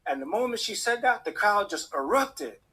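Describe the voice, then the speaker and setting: A man telling a personal story in an animated way, acting out the people in it. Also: high voice, normal speed, breathy edge. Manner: animated, acts out the voices of people in his story. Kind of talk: personal story told to an audience.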